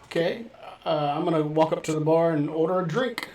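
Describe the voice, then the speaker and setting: A player in a tabletop role-playing game, talking in a relaxed, playful way. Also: mid-range voice, fairly quick, roomy sound, distant mic. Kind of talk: casual tabletop role-play.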